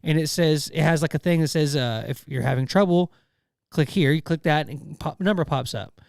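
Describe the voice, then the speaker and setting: A podcast co-host tells stories in a loose, meandering way, full of "um" and "like" and self-corrections. His voice is a little high and very smooth, and it is recorded close and dry. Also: moderate pace, a little mellow, no echo. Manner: rambling storyteller, frequent fillers and restarts. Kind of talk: casual chat.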